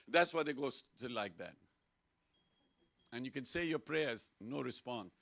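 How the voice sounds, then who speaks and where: Lively man with a gravelly voice. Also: medium pitch, unhurried. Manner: lively, playful, leads call-and-response chanting. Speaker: temple speaker. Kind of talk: informal sermon to a congregation. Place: temple hall.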